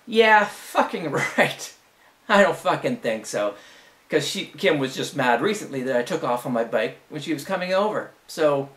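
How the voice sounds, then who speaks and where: A middle-aged man vlogging, casually retelling a personal story in a profane, incredulous way. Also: a little high.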